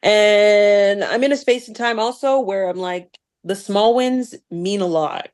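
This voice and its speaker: A woman actress and producer chatting as a guest in a casual interview, animated and laughing often, with many fillers. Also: medium pitch, unhurried.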